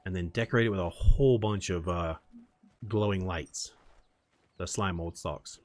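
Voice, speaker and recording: A low-voiced man chats casually while he plays, rambling from one story to the next. His voice is close and dry, with no room sound around it. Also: normal speed, darkish tone, dry recording. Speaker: gaming streamer. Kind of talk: casual chat while gaming.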